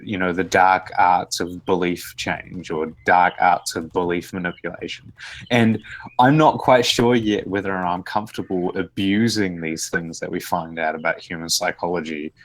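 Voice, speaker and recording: A man with a New Zealand accent in casual discussion, thinking aloud with many hesitant restarts. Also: deep voice. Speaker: podcast co-host.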